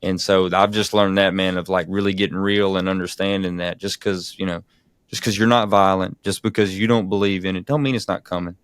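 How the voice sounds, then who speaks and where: A man's voice: sits low, steady tone, brisk, smooth, no room sound, studio quality. A man hosting an interview, talking earnestly and emphatically and often checking whether his guest agrees. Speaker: podcast host. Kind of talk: casual interview talk.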